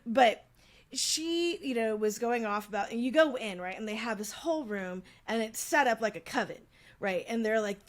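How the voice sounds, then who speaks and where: A woman's voice: on the high side, lively intonation, moderate pace. Chatty woman co-hosting a podcast. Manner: chatty storytelling, frequent fillers. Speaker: podcast co-host. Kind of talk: casual chat.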